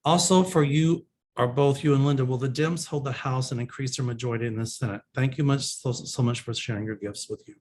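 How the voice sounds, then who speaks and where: A man's voice: mid-range voice, steady tone, brisk, a little mellow. A man working as a psychic in a casual solo video, reading out viewers' questions and answering them in a chatty, plain-spoken way with loose slangy phrasing. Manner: reads viewers' questions aloud, then answers in a reassuring predictive tone.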